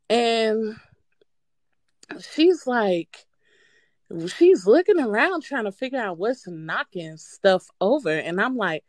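Female caller, casual, profane, very expressive pitch, dry sound. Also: dry recording. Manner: animated, swearing, breaks into nervous laughter. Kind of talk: casual storytelling.

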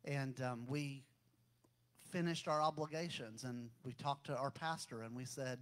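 A man's voice: mid-range voice, a little slow, a bit bright. A middle-aged man, a pastor giving a folksy personal testimony in a sermon that builds into fervent, raised exhortation.

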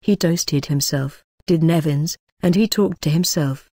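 Low mellow woman reading an audiobook. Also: measured pace, breathy edge, dry recording, clean studio sound. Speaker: audiobook narrator. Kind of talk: scripted narration of a novel.

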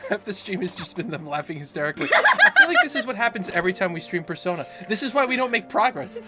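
Gaming stream host, animated pitch, sarcastic, swears, game music behind. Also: fast. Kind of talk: casual gaming stream chat.

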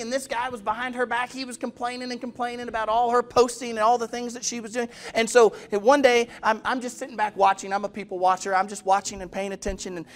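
A male pastor preaching a sermon in a direct manner, putting questions to the congregation and acting out the people in his stories. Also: sits high. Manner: storytelling, acts out quoted voices. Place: church.

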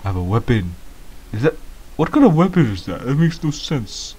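A man giving excitable, baffled gameplay commentary as a first-time gamer, laughing often. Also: medium pitch, normal speed, slightly rough.

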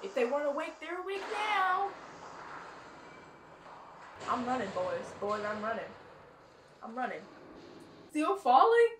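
A woman reacting to a movie for the first time, excitable and slangy, gasping and laughing at what she sees. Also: high voice, unhurried, pauses often, recorded from a distance, background noise. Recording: echoey room, set back from the mic.

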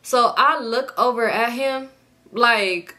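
A woman's voice: on the high side, slow pace, bright, forceful tone. A young woman telling a casual storytime, exasperated and profane as she animatedly retells what happened. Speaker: storytime YouTuber.

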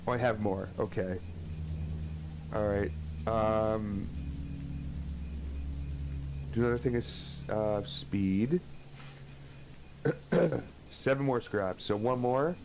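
A man's voice: fairly low pitch, drawn-out words, pauses often. Young guy streaming a game, swears a lot, chatty and hyped, game noise behind him. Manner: casual, swearing, excitable, chatty with viewers. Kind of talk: live gameplay commentary.

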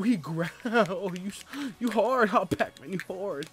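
A young man giving casual gameplay commentary as a let's player, with loud excitable outbursts and a lot of laughing. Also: sits high, measured pace, hardly any pauses, breathy edge. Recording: faint game music behind.

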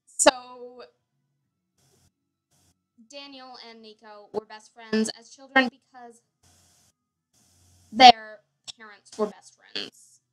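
A woman's voice: on the high side, steady tone, takes it slowly, pauses often, faint music behind, low-quality recording. A young woman giving casual, rambling commentary on her Sims family, full of fillers and self-corrections. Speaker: Sims player.

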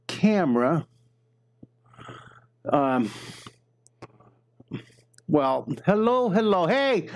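A man giving a live drawing lesson, chatting with and greeting viewers while he talks through each step. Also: fairly high pitch. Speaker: drawing teacher.

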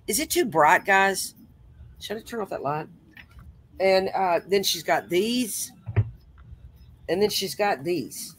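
A woman's voice: medium pitch, lively intonation, slow, pauses often. A woman chats away while she makes crafts, dropping folksy exclamations as she goes. Her voice sits in a middle register. A faint hum runs under the talk. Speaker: host. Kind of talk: casual crafting chat.

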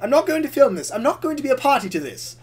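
A man's voice: very high voice, sing-song, fast, slightly rough, voice pushed up, exaggerated voice. A man voicing a cautious male engine who frets and protests in a flustered way. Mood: anxious. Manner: flustered, anxious.

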